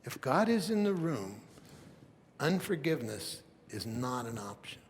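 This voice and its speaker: A male pastor preaching a sermon, retelling a story in a relaxed, conversational manner. His voice sits at a middle pitch. The sound carries a long church reverb over a faint low rumble. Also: measured pace. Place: church sanctuary.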